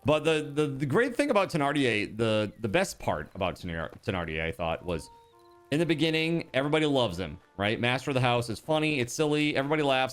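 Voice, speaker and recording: A male game streamer talks to his viewers in an everyday voice of middle pitch. His chat is animated and rambling, full of fillers and restarts. Faint music plays behind him. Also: fast. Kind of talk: casual chat while playing a game.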